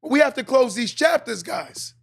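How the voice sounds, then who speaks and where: Man, very high pitch, gravelly, emphatic motivational monologue. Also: animated, normal speed, fairly bright tone. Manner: preachy, emphatic, repeats lines for effect. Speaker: podcast host.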